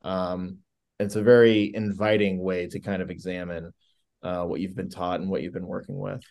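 A man with a fairly low voice explains his ideas carefully. He hedges and searches for words, thinking aloud as he talks. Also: little pitch movement, normal speed, creaky, darkish tone. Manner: thoughtful, hedging, searching for words. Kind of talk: casual chat.

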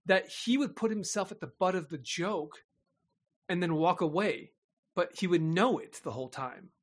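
A man telling a story in casual chat, animated and laughing often. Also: high-pitched, moderate pace.

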